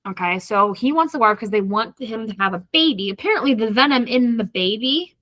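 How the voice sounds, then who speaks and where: A woman's voice: a little high, lively intonation, a little fast, fairly bright tone, dry recording. A woman co-hosting a casual book club podcast, animatedly retelling the plot and acting out the characters' lines. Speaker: podcast co-host.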